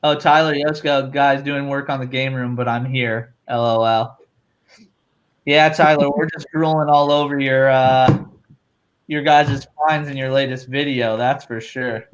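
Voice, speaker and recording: A man's voice: mid-range voice, fairly even intonation, measured pace. A man hosting a live stream, upbeat, laughing often and reading viewer chat aloud. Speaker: host.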